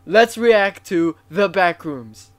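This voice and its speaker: A man's voice: high-pitched, lively intonation, slow, a little hiss or hum. A man hosting a reaction video, swearing and exclaiming in fright as he watches. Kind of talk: casual reaction commentary.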